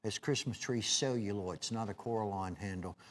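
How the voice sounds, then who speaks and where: A man's voice: lowish voice, fairly quick, a little hiss or hum. A man hosting a home-shopping knife sale, folksy and rambling, with many "uh"s and restarts. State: clearing his throat now and then. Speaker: TV shopping host selling knives. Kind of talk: live home-shopping sales pitch.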